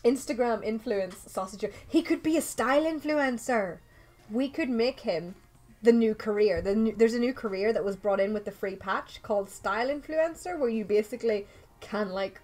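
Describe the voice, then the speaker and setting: A young Irish woman chatting casually through a game livestream, excitable and talking to her viewers and the game characters. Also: medium pitch, moderate pace. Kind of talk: casual let's play commentary.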